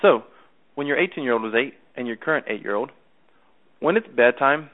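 Brisk and animated, with a mid-range voice, a man acting as a sales coach talks chattily over a tinny phone line, frequently repeating himself and confirming he's understood.

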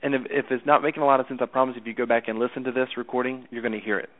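A man's voice: medium pitch, steady tone, racing. A man coaching someone over the phone in a chatty way, often repeating himself and checking that he is understood. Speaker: sales coach. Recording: tinny phone line.

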